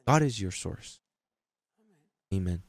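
A man preaching a sermon as pastor, emphatic and repetitive, with halting restarts and sudden jumps in pitch. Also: expressive, no echo.

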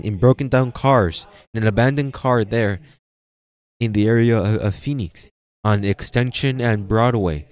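A pastor giving a sermon in church, preaching with energy and sprinkling in frequent amens and repeated phrases. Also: male voice, medium pitch, a little mellow. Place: church sanctuary.

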